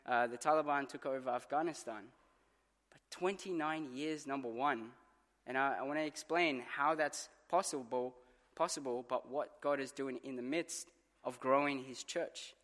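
A man's voice: mid-range voice, moderate pace, fairly bright tone. A man preaching a sermon as pastor, telling stories earnestly and acting out what others said. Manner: earnest storytelling with dramatized quotes. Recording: long church reverb.

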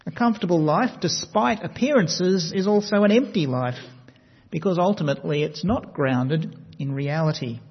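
A man preaching a sermon, measured and emphatic, slowing down to stress key words. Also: on the high side, animated, slightly rough. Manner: measured, emphatic delivery with slow stressed phrases. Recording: long reverb, dull lo-fi sound.

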